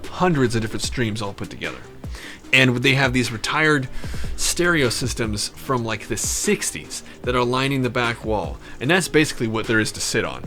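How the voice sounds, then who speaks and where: Brief: podcast host man, bright tense tone, swears a lot, wanders off track then says "I digress". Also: medium pitch. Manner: rambling, profane, digressive. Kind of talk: storytelling.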